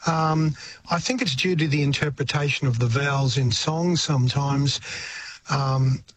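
A man's voice: medium pitch, fairly even intonation, measured pace, a little hiss or hum. An older Australian man, a veteran musician, giving a radio interview in a reflective, rambling way and often restarting his sentences. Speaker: musician guest.

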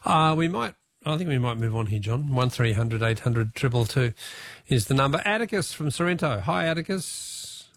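A man's voice: medium pitch, expressive, fairly bright tone, dry recording. A jovial, chatty Australian man hosting a radio quiz and talkback show. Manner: jovial, chatty, quick to laugh.

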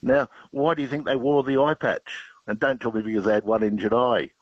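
A man's voice: medium pitch, fairly quick, breathy edge, no room sound. A middle-aged man calling in to a radio show, telling pirate jokes and facts in a playful, hammy way. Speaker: caller. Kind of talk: phone-in chat telling jokes. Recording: dull lo-fi phone line.

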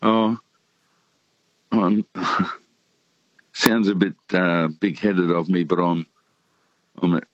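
Deep-voiced older Australian caller. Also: male voice, no echo. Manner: relaxed, rambling, many pauses and ums. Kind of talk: casual phone chat. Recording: dull phone-in line.

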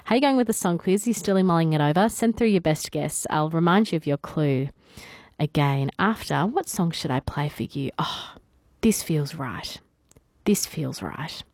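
An Australian woman hosts a morning radio show, chatting in a loose, conversational way. Her voice sits low for a woman. The studio sound is dry and close, with no room echo. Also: lively intonation, moderate pace, darkish tone. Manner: chatty and conversational, with fillers and laughs. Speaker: radio host. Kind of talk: morning talkback radio, reading listener messages.

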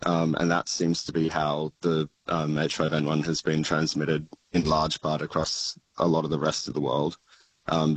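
Very deep, flat-voiced Australian man. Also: rough recording. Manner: hesitant, many ums and restarts. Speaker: PhD researcher on bird flu, radio guest. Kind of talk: live radio interview over a remote line. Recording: remote line with faint noise.

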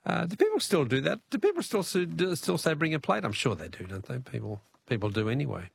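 A man's voice: on the high side, big pitch swings, a little fast, gravelly, a little hiss or hum. A man with an Australian accent, hosting a talkback radio quiz, chatting and laughing easily with callers. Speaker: radio host.

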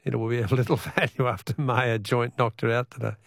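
A man's voice: mid-range voice, flat delivery, brisk, vocal fry, dry recording. Male radio host, casual, reads texts and quizzes callers; dry studio sound. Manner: chatty, reads out listener texts. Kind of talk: late-night radio call-in quiz. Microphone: studio mic.

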